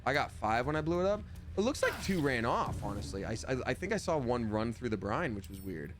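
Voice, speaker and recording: A man's voice: medium pitch, sing-song, a little fast, background noise. A man in his thirties chatting casually while playing a video game live, reading chat aloud and slipping into playful voices.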